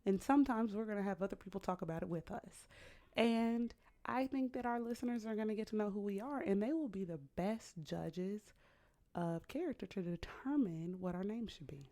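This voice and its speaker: A woman's voice: medium pitch, moderate pace, warm tone. A woman co-hosting a podcast in casual chat, laughing often and teasing her co-host.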